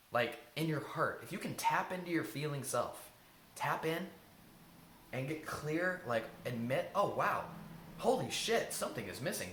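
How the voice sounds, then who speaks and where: Earnest man with a lively, swinging voice. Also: medium pitch. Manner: earnest, informal, swears casually. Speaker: self-help coach. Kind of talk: casual advice talk to camera. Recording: echoey room, faint hiss.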